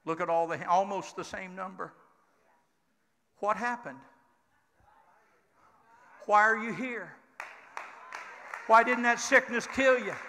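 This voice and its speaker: Older man preaching, high bright voice. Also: slow pace, long pauses, a faint crowd. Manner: call-and-response preaching, rising to shouts. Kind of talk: Pentecostal sermon. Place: church sanctuary. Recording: church hall reverb with congregation.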